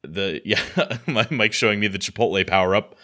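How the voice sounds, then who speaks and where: A man's voice: on the low side, a little fast, sharp tone. An American man co-hosting a podcast, chatting casually in a rambling, self-deprecating way with lots of restarts. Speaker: podcast co-host. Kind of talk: casual chat.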